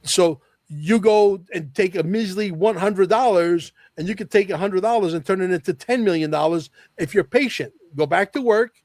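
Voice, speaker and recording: A man with a fairly high voice talks in a casual podcast conversation, pressing his points with firm emphasis and repeating them. The sound is dry and close, with no room around it. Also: normal speed, few pauses, darkish tone, no room sound. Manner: emphatic, repeats key phrases, confident predictions. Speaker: podcast guest.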